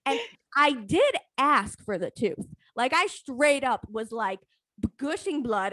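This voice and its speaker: Profane, animated young woman storyteller. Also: fairly high pitch, a little slow, dry recording. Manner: profane, animated, self-mocking. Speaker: live stream storyteller. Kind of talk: comic personal storytelling.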